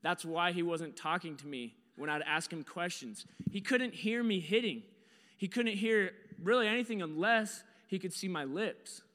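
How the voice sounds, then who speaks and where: A man preaching to a congregation, telling a personal story with lively, acted-out shouts and quiet asides. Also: high-pitched, normal speed, long reverb tail. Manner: animated storyteller, acts out his own panicked shouts. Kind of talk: storytelling sermon.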